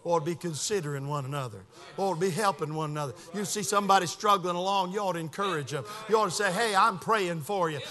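Midwestern male preacher, high bright voice, fervent delivery, reverberant hall. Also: racing, soft background music. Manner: fervent preaching, swinging from shouts to hushed asides. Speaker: pastor. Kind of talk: sermon.

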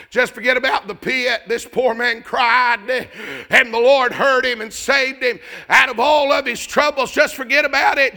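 A man preaching a fervent revival sermon, shouting in a rising cadence. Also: very high-pitched, vocal fry.

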